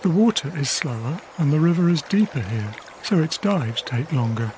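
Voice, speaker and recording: Quiet reflective male documentary narrator. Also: a little high, animated, moderate pace, slight background noise. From England. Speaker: wildlife cameraman narrating. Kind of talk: scripted diary narration. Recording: faint river ambience behind.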